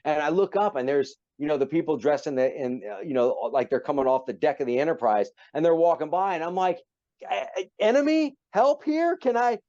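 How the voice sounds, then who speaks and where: A middle-aged man telling a story as a guest in a casual interview, animated and acting out the people in it. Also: on the high side, fast talker, few pauses, dry recording, muffled recording. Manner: animated, acts out voices in his anecdote. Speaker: podcast guest, actor.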